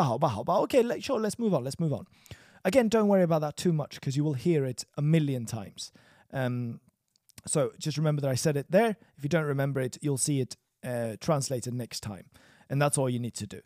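A man talks through a language lesson in a relaxed, upbeat way, tossing in joking asides. His fairly high voice swings up and down with lively energy. The sound is dry and close, with no room echo. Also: a little fast. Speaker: language teacher. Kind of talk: casual spoken lesson.

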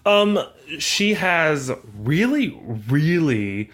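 A woman in her thirties co-hosting a podcast, chatting casually and acting out quotes in an animated way. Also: a little fast. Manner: animated storyteller, acts out quotes in high voices. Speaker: podcast co-host. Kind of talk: casual chat.

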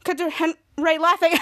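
Woman, podcast host, casual recap, halting, very high pitch, bright. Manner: halting, scene-by-scene retelling with restarts.

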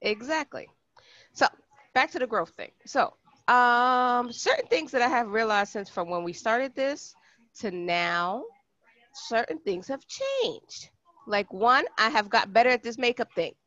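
A woman in her own casual podcast chat, blunt and quick to push back when she's teased. Her voice sits a little high. The recording is dry and dull, like a lo-fi home setup. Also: expressive, fairly bright tone, no echo. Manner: blunt, teasing, quick to protest. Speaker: podcast co-host.

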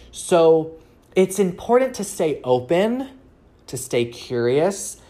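A woman with a low, grounded voice talks through relationship advice on her own show. She coaches earnestly, often pausing to ask the listener rhetorical questions. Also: a little mellow. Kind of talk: solo advice talk.

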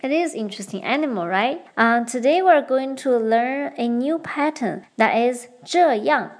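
A young woman hosts a bilingual Chinese lesson, explaining grammar patterns carefully. Her voice sits fairly high and moves animatedly up and down. She switches easily between English and Mandarin and slows down on the example phrases. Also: expressive. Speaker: podcast host and Chinese teacher.

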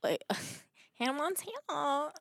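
A woman's voice: sits high, big pitch swings, takes it slowly, vocal fry, a bit bright, dry recording, clean studio sound. A young woman co-hosting a podcast, playful, laughing often and swearing freely. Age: young adult. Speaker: podcast co-host. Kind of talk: casual chat.

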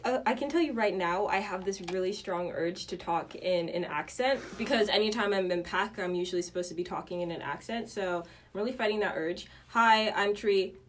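A woman's voice: mid-range voice, brisk, hardly any pauses. A young woman appearing as a podcast guest in casual chat, rambling, hesitant and self-deprecating. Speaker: guest actor.

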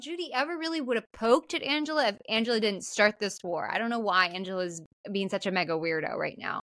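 A woman's voice: medium pitch, fairly quick, few pauses, a bit bright, no echo. A woman co-hosting a podcast, recapping a movie in casual, chatty talk with plenty of fillers and some swearing. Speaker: podcast co-host.

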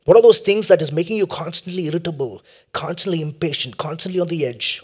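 A middle-aged man from India preaching a sermon, swinging from loud emphatic lines to hushed near-whispers and repeating his points as questions to the congregation. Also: a little high, husky. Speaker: pastor.

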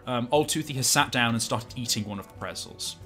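A man's voice: medium pitch, fairly quick, a bit bright, soft background music. A man narrating as game master of a tabletop role-play game, describing scenes in a rambling, casual way with many fillers.

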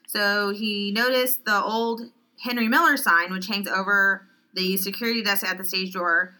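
Bright-voiced blunt woman co-host. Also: medium pitch, fairly even intonation, moderate pace, rough recording. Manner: blunt, sarcastic, swears. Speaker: podcast co-host. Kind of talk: casual chat.

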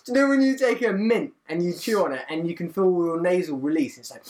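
Animated guest voice acting out reactions. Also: mid-range voice, a little fast. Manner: animated, laughing, swearing, acts out own reactions. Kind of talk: casual chat.

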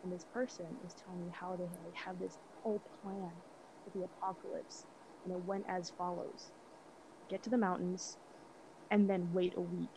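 Animated young woman telling a tale. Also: fairly low pitch, vocal fry, background noise. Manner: animated, profane, acts out dialogue with stutters and restarts. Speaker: podcast guest. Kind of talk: casual storytelling chat.

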